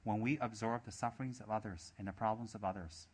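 A man's voice: on the low side, steady tone, fast, slightly rough. A man giving a Buddhist dharma talk, emphatic and repetitive, asking many rhetorical questions. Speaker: Buddhist teacher.

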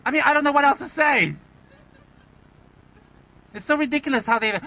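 High, bright-voiced playful Buddhist teacher. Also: male voice, moderate pace, low-quality recording. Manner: playful, teasing, rhetorical questions. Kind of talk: Dharma talk.

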